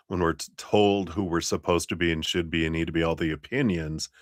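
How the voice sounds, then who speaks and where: A man's voice: deep voice, a bit bright, smooth, no room sound, clean studio sound. A middle-aged man giving a casual livestream tarot reading, rambling with many fillers and frequent laughs. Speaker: tarot reader.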